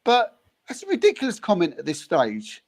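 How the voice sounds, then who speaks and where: A man chatting casually about a football match as an animated storyteller who chuckles often. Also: sits high, moderate pace. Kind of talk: casual football reaction chat.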